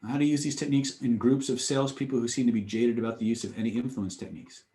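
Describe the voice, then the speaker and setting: A man's voice: medium pitch, quick pace. A man giving a live seminar on influence, telling stories in an emphatic, repetitive way. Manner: animated, emphatic, repetitive phrasing. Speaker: influence trainer. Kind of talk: live seminar talk with storytelling. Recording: echoey room.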